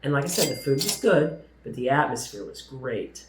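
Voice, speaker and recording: A man's voice: medium pitch, lively intonation, moderate pace, roomy sound, a little hiss or hum, low-quality recording. A man co-hosting a travel vlog, chatting eagerly about food and atmosphere, listing things as he goes. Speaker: co-host. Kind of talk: casual chat reviewing restaurants.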